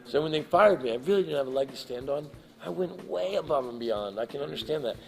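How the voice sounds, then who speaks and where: A man telling an animated, emotional anecdote as a guest in a live interview, acting out the people in his story. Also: fairly high pitch, fast talker, vocal fry. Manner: emotional, laughs while telling. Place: live event in front of an audience.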